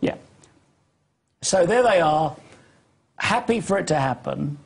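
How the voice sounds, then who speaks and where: A man's voice: fairly high pitch, animated, slow, vocal fry, breathy edge. A man hosting an interview, pressing his guest on a point over and over while apologizing for interrupting. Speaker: interview host. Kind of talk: conversational interview.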